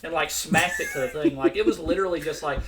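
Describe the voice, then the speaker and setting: A man in his twenties, a podcast co-host telling a school story in casual chat, animated, profane and rambling. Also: fairly high pitch, fast talker, a loud crowd.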